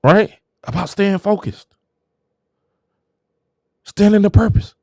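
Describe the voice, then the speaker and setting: High, animated preachy man. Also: slow pace, creaky, no echo, studio quality. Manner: preachy, exclamatory, hypes himself up. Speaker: show host. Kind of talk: casual motivational monologue.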